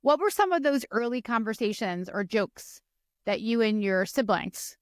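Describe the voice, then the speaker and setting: A woman's voice: a little high, animated, moderate pace, no room sound, studio quality. A middle-aged woman hosting a podcast, asking guiding questions in a casual chat. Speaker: podcast host.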